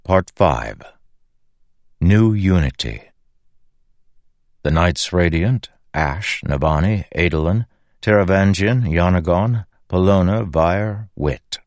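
Brief: male audiobook narrator, measured delivery, low voice. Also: expressive, a little mellow, no room sound. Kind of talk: scripted narration.

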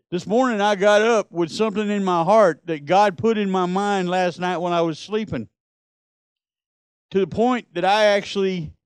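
Male pastor, middle-aged, high clear voice, dry close sound, storytelling sermon with loud emphatic peaks. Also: dry recording.

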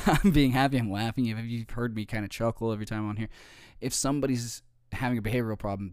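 Low-voiced man giving a casual training talk. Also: a little mellow, no echo, studio quality. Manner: conversational, repeats "okay?" and "right?" to check in.

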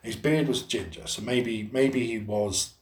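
A man's voice: medium pitch, measured pace, echoey room, a little hiss or hum. Sweary guy telling a story. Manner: swears a lot, animated storytelling with acted-out quotes. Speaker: podcast co-host. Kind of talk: casual storytelling chat.

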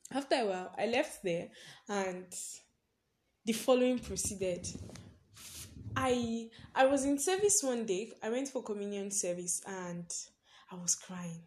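A woman's voice: mid-range voice, unhurried, a little mellow. A young woman hosting her own podcast, telling a personal story in a loose, chatty way, leaning on "basically" and laughing often. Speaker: podcast host. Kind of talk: casual personal podcast monologue.

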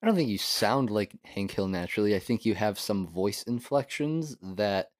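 A young man with a somewhat low, expressive voice chats casually as a podcast co-host at normal speed. He rambles, laughs often and lets his sentences trail off.

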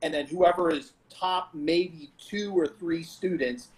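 A man, a jiu-jitsu black belt guest on a podcast, casually telling animated stories from his early training. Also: a little high, takes it slowly, low-quality recording. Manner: animated, laughing reminiscence. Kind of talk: casual storytelling.

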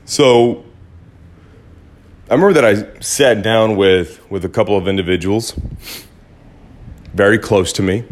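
Man, podcast host, lowish voice, blunt, casual monologue, swears a bit. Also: a little slow, pauses often. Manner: blunt, swears, animated when quoting others. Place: Los Angeles.

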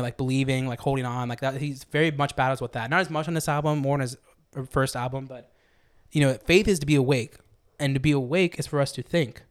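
A young man rambling enthusiastically in a casual music review chat, full of fillers. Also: mid-range voice. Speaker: podcast co-host.

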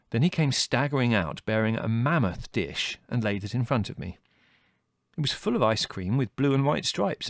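A man narrating an audiobook with wry, measured delivery. His pitch moves lively through each sentence, and the close studio recording is dry. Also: dry recording. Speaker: audiobook reader. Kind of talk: scripted narration.

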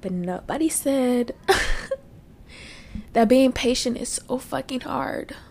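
A woman talks slowly into a podcast mic, her voice gravelly and creaky. She is teary and worn out from crying. She vents frankly and bluntly, swearing often and trailing off into fillers. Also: high voice, lively intonation, a little mellow. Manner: frank, profane and frustrated, with many fillers. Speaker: podcast host. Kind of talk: casual solo podcast venting. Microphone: podcast microphone.

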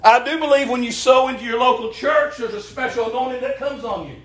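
A middle-aged man preaching a sermon, folksy and impassioned, calling for the congregation's answers and rising to shouts. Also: very high-pitched, fast, echoey room. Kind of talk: sermon with call and response. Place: church.

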